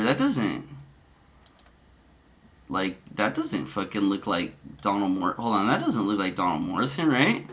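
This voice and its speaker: Guy rambling and cussing his way through commentary, bright voice, bouncy pitch. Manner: profane, rambling, self-interrupting. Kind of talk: casual commentary.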